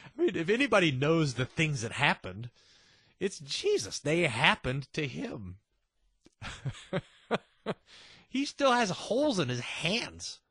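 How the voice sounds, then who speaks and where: A man with a husky, somewhat high, slightly bright voice teaches a Bible passage in a conversational way, his pitch swinging hugely as he slips in chuckling, delighted asides. He takes it slowly and pauses often. The sound is close and dry, with no room sound.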